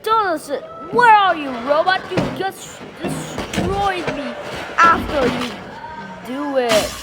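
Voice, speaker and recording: A woman's voice: extremely high pitch, expressive, takes it slowly, over loud music. A woman telling a playful story over sandbox gameplay, goofy and full of sound effects and exclamations. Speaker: gaming channel creator.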